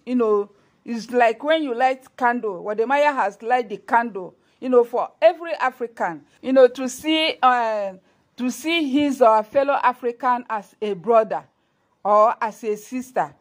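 Nigerian woman, vlogger, earnest and preachy, pleading tone, a bit high-pitched. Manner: earnest, preachy, pleading, repeats "you know" and "eh?". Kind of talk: direct-to-camera commentary.

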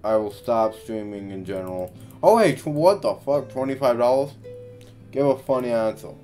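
A man's voice: medium pitch, moderate pace, dark tone, soft background music. A man giving casual gameplay commentary, tired and grumbling, swearing often as he talks to himself. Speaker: gaming YouTuber.

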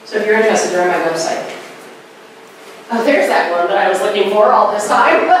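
A woman giving a spiritual lecture at a conference, animated and swooping up high on key words. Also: a little fast, slight background noise. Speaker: conference speaker. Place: lecture hall. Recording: echoey hall from far off.

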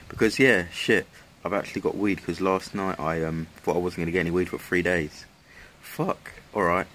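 Laid-back young man, very deep voice. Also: fairly bright tone, a little hiss or hum. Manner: laid-back, slangy, swears a lot. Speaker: vlogger. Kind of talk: casual chat to camera. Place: at home and outdoors.

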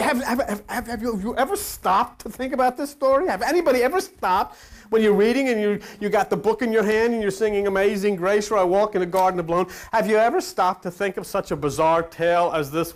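A man giving a comic, mocking lecture and putting questions to his audience. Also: high-pitched. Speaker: speaker, lecturer.

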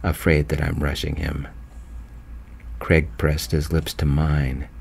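A man narrating his own romance story in a gentle, slow, soft-spoken voice. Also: extremely low pitch, flat delivery, gravelly, slight background noise.

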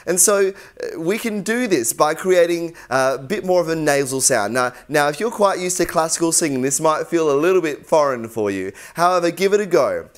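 A man's voice: fairly high pitch, expressive, normal speed. A young man teaching singing in an easygoing, encouraging way. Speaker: vocal coach. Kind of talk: instructional tutorial.

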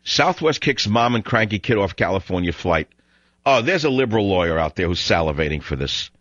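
A man's voice: on the low side, very animated, brisk, fairly bright tone, no room sound. A man hosting a talk radio show, delivering a sarcastic, digressive rant in an opinionated monologue. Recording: dull dry studio broadcast sound.

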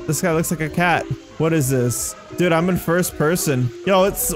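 A man giving chatty, excitable commentary while playing a game, often saying "dude" and "like" and jumping into loud, high yelps when startled. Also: moderate pace, faint music behind. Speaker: gaming YouTuber. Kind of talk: casual gameplay commentary.

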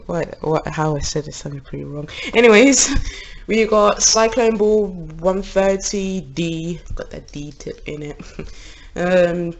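A young man with a British accent, casually commentating on toy battles in a rambling, excitable way, laughing often, at home. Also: sits high, lo-fi sound, slight background noise. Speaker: Beyblade channel host. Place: home room, family upstairs.

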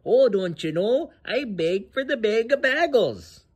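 A man's voice: sits high, expressive, a little slow, a little mellow, husky, voice pushed up, heavily acted. A man putting on a folksy Minnesota drawl. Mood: mocking. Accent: put-on Minnesota. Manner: exaggerated folksy mimicry.

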